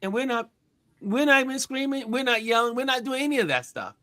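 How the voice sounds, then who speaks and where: A man hosting a casual talk show, animated and emphatic, acting out quotes as he makes his points. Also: extremely high pitch, brisk, no room sound. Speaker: host.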